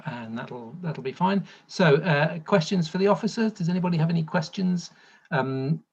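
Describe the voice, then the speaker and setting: A man's voice: fairly high pitch, slightly rough, lo-fi sound. Man chairing a council meeting online. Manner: brisk, with hesitant fillers. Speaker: committee chair. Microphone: video call.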